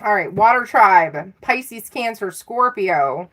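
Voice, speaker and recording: Casual tarot reader, middle-aged woman, slow and chatty with frequent laughs. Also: mid-range voice, expressive, fairly bright tone, a little hiss or hum. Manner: chatty and self-teasing, laughing often. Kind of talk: live tarot reading.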